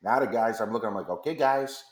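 A man's voice: medium pitch, fast talker, echoey room. A man telling a long story as a guest on a radio interview, acting out the back-and-forth of phone calls. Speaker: company founder as guest. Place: radio studio.

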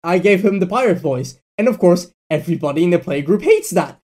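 A man's voice: high voice, lively intonation, fairly quick. Rambling casual man on a podcast. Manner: rambling, filler-heavy, trails off quietly. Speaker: podcast host.

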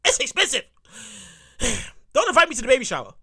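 A woman hosts her own show, ranting in a loud, profane, comedic way. Her voice sits high and bright and swoops widely in pitch. She repeats her lines for emphasis and talks to her listeners directly. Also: sing-song, a little fast, slightly rough. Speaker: podcast host. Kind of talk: solo comedic rant.

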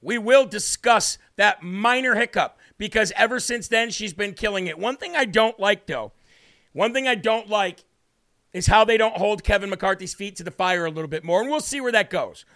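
Loud mocking guy hosting a political show, bright tense voice. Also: sits high, moderate pace. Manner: combative, mocking, emphatic. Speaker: host. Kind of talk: political commentary.

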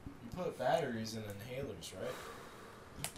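A man's voice: medium pitch, slow, echoey room, noisy background. A young man co-hosting a casual podcast, joking and teasing his friends. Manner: goofy, teasing. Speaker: podcast co-host. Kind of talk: casual chat.

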